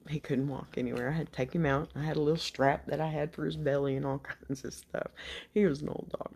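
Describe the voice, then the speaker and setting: An older woman with a Texas drawl talks off the cuff to her followers, rambling and folksy, now and then sinking into a soft whisper. Her voice sits low and gravelly, with a mellow, husky edge. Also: fairly even intonation, fast talker. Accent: Texan. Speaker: vlogger. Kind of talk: unscripted chat to subscribers.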